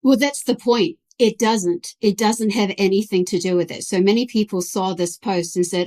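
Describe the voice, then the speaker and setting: A woman guest author explaining her views in an interview, emphatic and quick to correct. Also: mid-range voice, steady tone, darkish tone.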